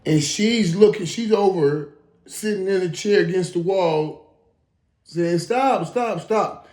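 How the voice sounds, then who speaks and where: A man in his fifties hosting a casual reaction monologue, talking emphatically with stammered restarts and dropping into low mutters. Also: unhurried, warm tone. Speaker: host. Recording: roomy echo.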